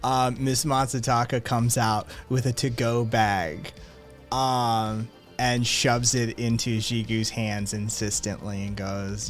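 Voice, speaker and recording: A man running a tabletop game, setting the scene in a slow, easygoing drawl with plenty of pauses. Light music plays underneath. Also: mid-range voice, level tone. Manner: unhurried, hesitant with fillers. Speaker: game master.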